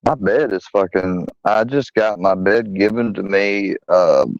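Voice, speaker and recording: A man's voice: lowish voice, a little slow, dry recording. A man hosting a livestream chat who rants and swears, recorded on dull lo-fi audio. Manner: ranting, swearing.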